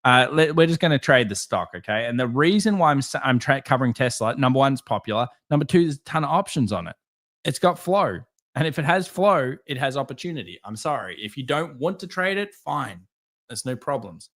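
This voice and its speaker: A man giving casual live market commentary, talking over charts and answering viewer chat with candid quick asides. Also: mid-range voice, very animated, a bit bright. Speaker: market analyst streamer.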